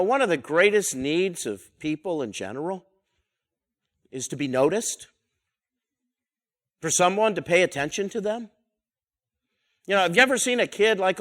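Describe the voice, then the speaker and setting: A man's voice: high-pitched, lively intonation, normal speed, long pauses, a bit bright. A man teaching a verse-by-verse Bible study in a conversational way, asking his listeners rhetorical questions and repeating key phrases.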